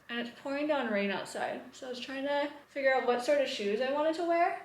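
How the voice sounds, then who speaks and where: A woman's voice: sits high, fairly quick, few pauses, slight background noise. Chatty woman vlogging at home. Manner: chatty, frequent "like" fillers, breaks off to talk to her dog. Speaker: lifestyle vlogger. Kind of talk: casual vlog talk to camera. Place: at home, indoors.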